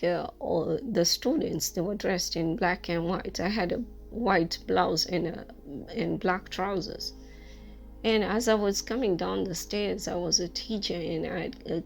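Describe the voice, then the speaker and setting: A woman and former teacher telling a personal story in a casual, halting way, with many fillers and frequent laughs. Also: medium pitch, creaky.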